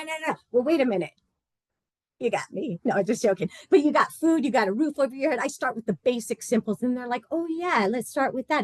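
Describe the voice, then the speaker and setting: A woman runs a group session in a loose, animated and blunt way, with plenty of laughter. Her voice is dry and close. Her pitch sits in a middle range. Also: no echo. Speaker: support group facilitator. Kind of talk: casual group session talk.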